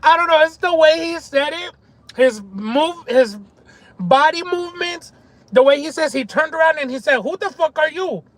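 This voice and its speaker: A man live-streaming a mukbang, telling stories excitedly with lots of swearing and chewing between lines, from a parked car. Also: extremely high pitch, moderate pace, no echo, poor audio. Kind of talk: casual live-stream chat while eating.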